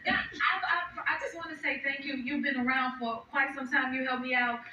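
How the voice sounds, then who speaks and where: Excitable woman host, high voice, echoey studio recording from a distance, some noise and dull sound. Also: normal speed. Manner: excitable, laughing, exclaims often. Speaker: talk show host. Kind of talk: talk show interview. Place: TV studio with audience.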